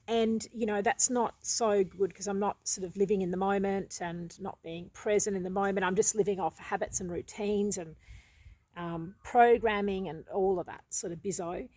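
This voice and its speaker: A woman's voice: medium pitch, steady tone, moderate pace, a little mellow, no echo, rough recording. Australian woman vlogger musing aloud, rambling and conversational; dry, close sound. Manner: rambling and conversational, with many restarts. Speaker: habits vlogger. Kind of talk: casual reflective monologue.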